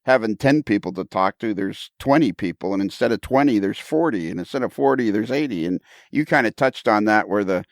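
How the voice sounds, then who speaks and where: A man hosting a casual podcast conversation, enthusiastic and quick to laugh, often repeating his words, heard on a close mic. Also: fairly low pitch, animated, dry recording. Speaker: podcast host.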